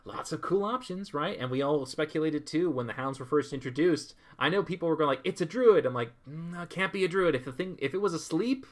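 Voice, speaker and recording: A man's voice: a little high, lively intonation, brisk, hardly any pauses. Chatty man livestreaming and reading chat. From California. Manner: chatty, reads chat aloud and riffs with laughs. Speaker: streamer drawing and reading chat.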